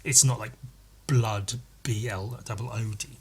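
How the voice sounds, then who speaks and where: A man's voice: fairly low pitch, fairly even intonation, measured pace, a little mellow, slightly rough. A man hosting a casual solo podcast, rambling and correcting himself as he goes, swearing freely. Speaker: podcast host.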